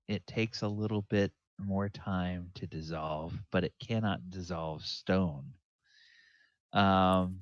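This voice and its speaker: A man running a tabletop game as dungeon master, narrating in a halting way full of ums and restarts. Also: on the low side, no room sound. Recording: dull lo-fi dry sound.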